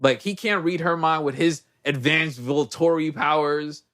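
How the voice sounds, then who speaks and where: A man's voice: a little high, a little slow, fairly bright tone. A young man casually recapping a movie on a podcast, acting out the characters and laughing as he goes. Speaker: podcast host.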